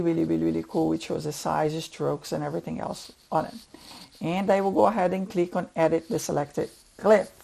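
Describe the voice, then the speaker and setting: A software tutorial instructor narrating step by step while working, thinking aloud and repeating words for emphasis. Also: medium pitch, creaky.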